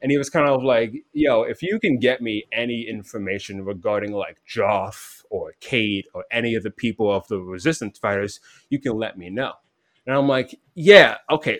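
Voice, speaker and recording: A man's voice: lowish voice, normal speed, fairly bright tone, no echo. A man telling a rambling, casual story about an online game, full of "like" fillers, acting out quoted voices. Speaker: podcast guest.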